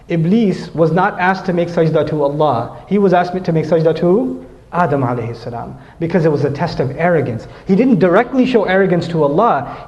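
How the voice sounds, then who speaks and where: Fast-talking, animated male preacher. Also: high-pitched. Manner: animated, conversational, acts out quotes. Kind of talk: sermon. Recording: echoey hall, dull lo-fi sound.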